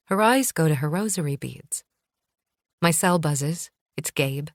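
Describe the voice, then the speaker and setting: A woman narrating a first-person thriller audiobook in a calm, measured way. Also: sits low, dry recording, clean studio sound.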